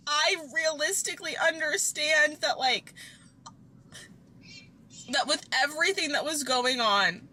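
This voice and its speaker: Bright high-voiced woman, tearful. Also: a little hiss or hum, poor audio. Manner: halting, frustrated, many restarts. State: upset, crying. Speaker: vlogger. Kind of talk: emotional personal vlog.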